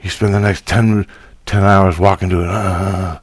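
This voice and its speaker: A man's voice: deep voice, level tone, a little slow, husky, no echo. A man talking in a casual spiritual vlog monologue, ranting profanely and in frustration.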